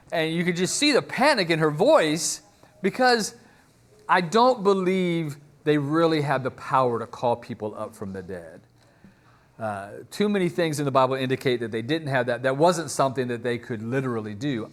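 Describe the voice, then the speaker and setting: Conversational male preacher, slightly high voice. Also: fairly bright tone. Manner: conversational storytelling, acts out quotes. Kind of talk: sermon.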